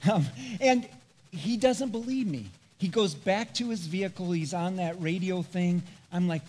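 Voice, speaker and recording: A middle-aged man preaching a sermon, telling a personal story in an earnest, animated, self-deprecating way. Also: sits high, unhurried. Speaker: pastor.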